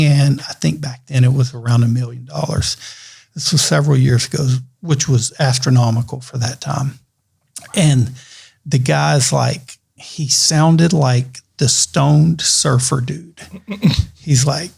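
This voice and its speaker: A man, an attorney guest on a podcast, telling a story in a lively, conversational way with fillers. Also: mid-range voice, measured pace, creaky, husky. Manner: animated storyteller with laughs and fillers.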